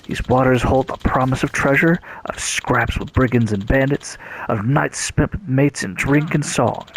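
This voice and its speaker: A gamer doing a hearty, easygoing pirate sailor in a strange, unplaceable accent, with a gravelly edge under his middle-pitched voice. The dialogue is read aloud straight off the screen. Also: measured pace, a bit bright, slight background noise, low-quality recording. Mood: eager. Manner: odd put-on accent, hearty. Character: easygoing male pirate crewmate, adult. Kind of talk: reading game dialogue aloud.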